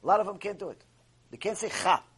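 A man gives a religious lecture in a raspy, higher-pitched voice. He drives his points home by repeating key phrases. His delivery is emphatic and instructive. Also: expressive, very fast. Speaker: rabbi teaching a Torah class.

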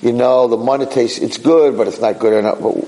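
A man teaching a Torah class in a lively way, mixing in Hebrew phrases and acting out quotes with sudden high outbursts. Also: fairly quick, rough recording.

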